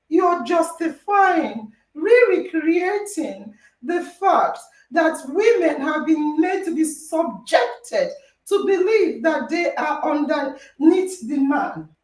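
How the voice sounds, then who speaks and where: Female podcast host, very high and lively voice, insistent and argumentative, distant mic with a roomy echo. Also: takes it slowly. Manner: emphatic, argumentative, repeats phrases for stress. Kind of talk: heated debate moderation. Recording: echoey room, distant mic.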